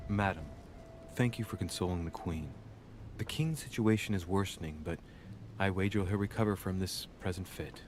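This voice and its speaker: Game role: a man voicing a courtly young noble, deep and low, reads letters slowly over a noisy backdrop. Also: a little mellow, natural voice. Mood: formal. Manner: measured, formal letter reading. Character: young aristocratic man reading formal letters. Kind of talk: game voice acting.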